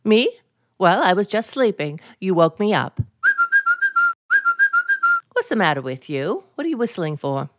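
An actress playing a scatterbrained young wife who answers in a flat, innocent way, in 1940s radio acting style. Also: female voice, fairly low pitch, unhurried, pauses often, heavy background noise.

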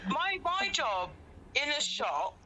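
A woman's voice: high-pitched, big pitch swings, slow, noisy background. A woman cohosting a casual podcast chat who gives her opinions bluntly and matter-of-factly. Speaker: podcast co-host.

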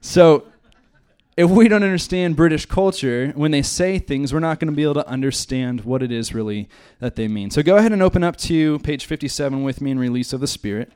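A man's voice: on the high side, a little fast, a little mellow, clean tone. Conversational American man teaching the Bible. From United States. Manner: conversational, joking asides. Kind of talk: church teaching.

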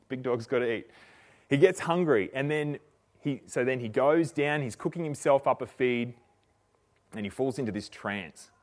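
Man, preacher, casual sermon, slangy storytelling, mid-pitched voice. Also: measured pace. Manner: relaxed, chatty retelling with slang and frequent restarts.

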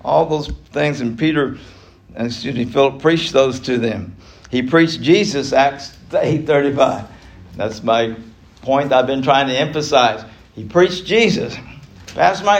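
A man's voice: medium pitch, a little slow. A man teaching an adult Bible class, emphatic, chuckling between points and repeating key phrases for emphasis.

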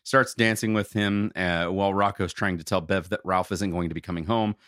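Male co-host, low voice, dry close sound, rambling casual recap. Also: fairly even intonation, brisk, a bit bright, dry recording. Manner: rambling, frequent fillers. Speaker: podcast co-host. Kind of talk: casual chat recapping a cartoon.

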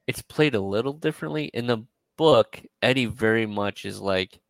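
A man co-hosting a casual podcast, retelling a story in a rambling way, full of fillers and quick quoted asides. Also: lowish voice, vocal fry, dry recording, rough recording. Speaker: podcast co-host.

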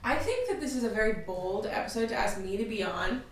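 A woman's voice: fairly high pitch, animated, brisk. A young woman guest on a podcast, mock-indignant and dramatic in casual chat. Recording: echoey room, distant mic.

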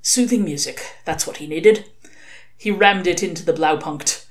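A woman reading a novel aloud with lively, expressive narration. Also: lowish voice, moderate pace. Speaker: reader.

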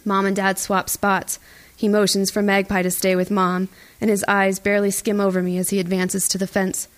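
A woman reading a first-person audiobook in a tense, even storytelling voice. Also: mid-range voice, moderate pace. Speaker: audiobook narrator. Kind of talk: first-person scripted narration.

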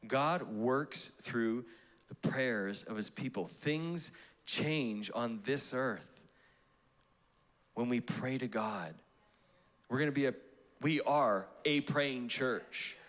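A young adult man preaching a live church sermon, animated and playful, acting out prayers in comic voices. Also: mid-range voice. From Canada. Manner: animated, acts out prayers in funny voices, laughs often. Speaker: pastor. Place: church auditorium.

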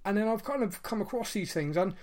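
A man in his late thirties, co-hosting a podcast, tells a personal story earnestly and reflectively, full of fillers and restarts. His voice sits high, with lively intonation and a fast pace, and a crowd can be heard behind him.

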